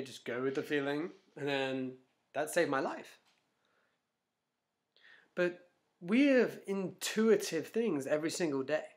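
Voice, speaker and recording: A man giving a casual motivational talk to camera, telling stories with lots of restarts and acting out inner voices. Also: fairly high pitch. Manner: animated storyteller, frequent restarts, acts out inner voices. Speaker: self-help vlogger.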